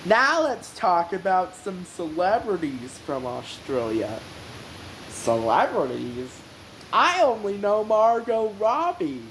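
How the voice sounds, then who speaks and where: A woman's voice: mid-range voice, huge pitch swings, slow, hardly any pauses, slight background noise, poor audio. A woman hosting a casual explainer vlog in a rambling, meandering way. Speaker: vlog host.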